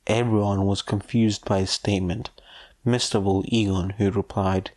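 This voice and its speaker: A man narrating fan fiction aloud in a steady, plain storytelling manner. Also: fairly low pitch, normal speed. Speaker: fanfiction audiobook reader.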